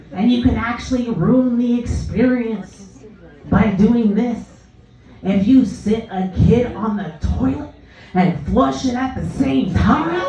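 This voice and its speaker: On a comedy club stage, a woman with a slightly high voice performs stand-up, telling stories and animatedly acting out both her own voice and other people's. The recording is distant, dull, and echoey, with the audience laughing in the background.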